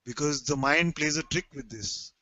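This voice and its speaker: Bright, measured man teaching satsang. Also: a little high, dry recording, muffled recording. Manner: slow, emphatic, gently repetitive. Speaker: spiritual teacher.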